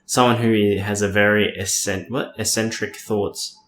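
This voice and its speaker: Low-voiced man in an echoey room. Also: little pitch movement, measured pace, a bit bright. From Australia. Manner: laid-back, swears casually. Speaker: podcast co-host. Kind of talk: casual chat.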